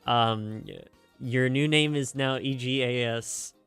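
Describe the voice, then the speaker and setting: A young man talking loosely to his stream chat, full of fillers, restarts and self-mocking jokes. His voice is smooth and clear, recorded close and dry. Faint music plays behind him. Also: medium pitch, takes it slowly, fairly bright tone, no room sound. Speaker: streamer reacting to game music. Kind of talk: casual live-stream chat.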